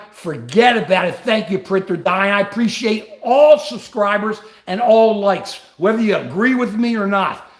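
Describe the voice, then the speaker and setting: An older man hosting a political live stream gets worked up as he reads and answers viewer comments, his voice riding high and swinging widely. A gravelly edge sits under his impassioned words, and his room rings with echo.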